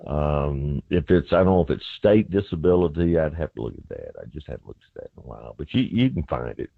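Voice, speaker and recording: A man's voice: extremely low pitch, expressive, quick pace, creaky, dry recording. A middle-aged man with a Southern accent, a lawyer giving plain-spoken, folksy legal advice by phone on a call-in radio show. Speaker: constitutional lawyer, legal guest. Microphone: phone line into studio. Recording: tinny phone line.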